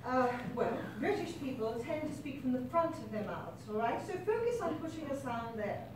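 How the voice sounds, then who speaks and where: A woman playing a patient adult drama teacher who directs a school play and gently coaches her students. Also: high-pitched, sing-song, normal speed. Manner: encouraging, instructive. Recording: distant very echoey noisy room.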